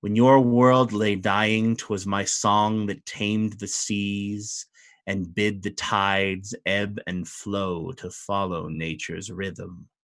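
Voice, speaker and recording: A man playing a cold, deadpan fey duke. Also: lowish voice, pitched below the performer's own voice. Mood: coldly formal. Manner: slow, formal, archaic phrasing. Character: imperious fey lord, male, cold and deadpan.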